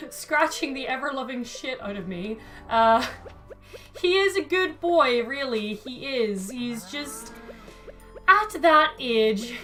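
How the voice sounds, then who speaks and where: A woman streams a game and chats playfully, laughing often as she talks to both her cat and her chat. Her voice is high, bright and forceful.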